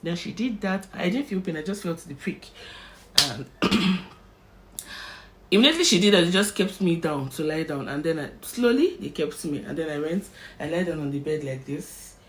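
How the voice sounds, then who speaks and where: A young Nigerian woman with a Nigerian accent, telling a personal story in an animated storytime vlog and slipping into Pidgin. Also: low voice, normal speed, a little hiss or hum. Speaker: vlogger.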